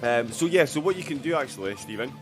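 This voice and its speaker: A man's voice: mid-range voice, expressive, fast talker, music in the background. A man commentating a sim racing event live, chatting and joking with a guest between race updates. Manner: chatty, jokey, banter-filled.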